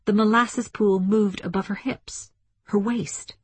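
Husky woman narrating an audiobook. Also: medium pitch, steady tone, no echo. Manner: measured, dramatic reading. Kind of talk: scripted narration.

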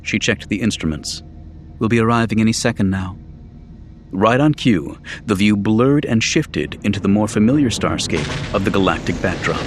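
A man reading an audiobook in scripted narration, measured and even. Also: fairly low pitch.

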